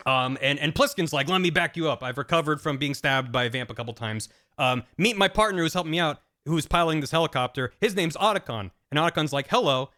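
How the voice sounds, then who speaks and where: A man hosting a stream, casually recapping a story with friends, acting out the characters' lines in quick paraphrase and rambling through fillers and restarts. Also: a little high, expressive, pushed and bright. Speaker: streamer host.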